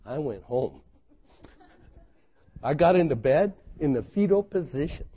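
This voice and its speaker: A man's voice: fairly high pitch, animated, unhurried, slightly rough. Dramatic preaching man, lo-fi sound. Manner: dramatic storytelling, swinging from loud exclamation to hushed intensity. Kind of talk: sermon.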